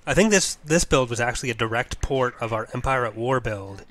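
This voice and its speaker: A man in his twenties hosting a casual game stream, explaining with relaxed, self-mocking asides and fillers. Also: medium pitch, brisk. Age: 20s. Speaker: mod developer hosting a stream. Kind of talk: casual gaming livestream chat.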